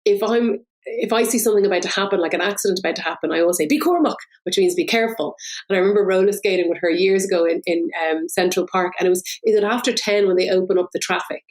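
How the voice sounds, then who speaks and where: Irish woman from dublin, middle-aged, chatty and animated, lowish voice. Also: rough recording. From Ireland. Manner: lively, animated storytelling with quick asides. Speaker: podcast guest. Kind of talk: casual interview chat.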